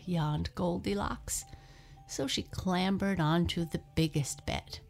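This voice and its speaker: A woman reading a children's storybook aloud, slow and expressive, dropping into soft breathy asides. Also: on the low side, soft background music.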